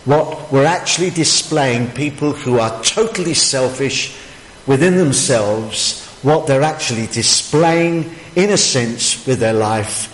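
A man's voice: medium pitch, slow pace, slight background noise. A man preaching a sermon, emphatic and full of rhetorical questions. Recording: echoey hall, faint ambience.

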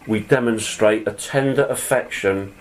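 A man's voice: lowish voice, unhurried, slight background noise, rough recording. A man preaching a sermon, reading scripture aloud and then explaining it in an earnest, conversational way. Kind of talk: sermon, Bible teaching.

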